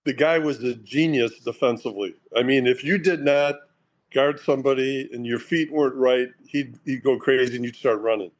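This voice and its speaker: An older man, a former college basketball player, reminiscing on a call in a relaxed way with fillers. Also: mid-range voice, normal speed. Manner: relaxed, uses fillers, thinks aloud. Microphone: remote call.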